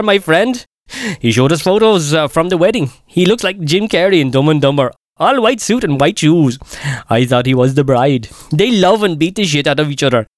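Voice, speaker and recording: A man's voice: on the high side, dry recording, clean studio sound, lightly acted. A man voicing a brash, crude male office boss who speaks in broken English in a comedy radio sketch. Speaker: comedy caller character.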